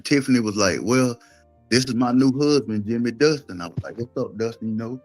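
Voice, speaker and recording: A man's voice: mid-range voice, a little fast, soft background music. A man with a Southern Georgia accent, telling a personal story in casual talk and acting out what others said. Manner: relaxed storytelling with quoted voices. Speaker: guest telling his story.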